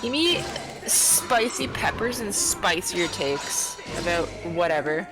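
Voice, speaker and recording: A woman's voice: lowish voice, animated, takes it slowly, music in the background. A woman co-hosting a charity stream, reading donations and teasing her co-host playfully. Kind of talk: casual stream chat.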